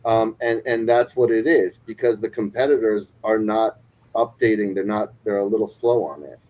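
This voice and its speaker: A man's voice: on the low side, moderate pace, darkish tone, muffled recording. A man co-hosting a casual stream, asking questions and restarting his sentences often. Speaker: co-host of a doll shop stream. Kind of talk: casual chat.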